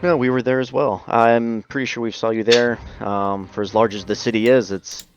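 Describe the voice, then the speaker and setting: A man's voice: mid-range voice, steady tone, moderate pace, over music. A man playing his character at a tabletop game, talking plainly and hesitantly with many ums. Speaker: player. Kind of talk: in-character tabletop role-play. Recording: dull lo-fi mic.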